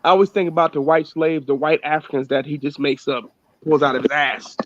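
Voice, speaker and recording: Fairly high-voiced man telling stories. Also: fairly even intonation, a little fast, slight background noise. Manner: boastful storytelling, profane. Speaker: podcast co-host. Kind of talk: casual chat. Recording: dull lo-fi dry sound.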